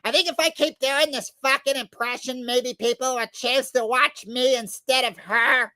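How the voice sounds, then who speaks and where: A loud-mouthed, middle-aged woman comedian who swears freely and rants with crude bravado, as a man puts her on for laughs. The voice sits high and cutting, with a sharp, bright edge. It is close and dry, with no room sound. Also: fairly even intonation, moderate pace, dry recording, heavily acted. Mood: boastful. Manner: crude, boastful, ranting. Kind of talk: comedic impression on a livestream.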